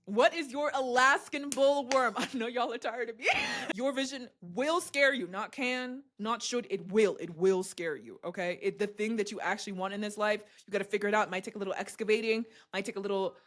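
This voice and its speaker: A young woman who podcasts and hosts videos gives a casual motivational talk to camera. She speaks fairly quickly, is animated, laughs often, and her pitch swoops widely.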